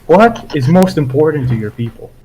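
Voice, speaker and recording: A man's voice: on the high side, very animated, normal speed, mellow, a little hiss or hum, rough recording. A man playing a tabletop game, stern and commanding when he speaks as his character. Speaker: player.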